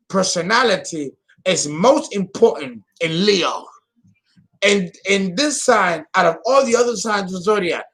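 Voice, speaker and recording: A man with a high-sitting, fairly bright voice hosts an astrology channel in a casual solo talk. His delivery is casual and theatrical, full of exclamations and laughter at himself.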